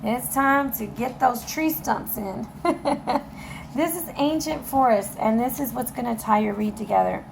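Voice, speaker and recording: Woman, tarot reader, casual reading to camera, encouraging, keeps checking in with viewers, tired voice, gravelly. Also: a little high, a little slow, slight background noise. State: voice getting tired.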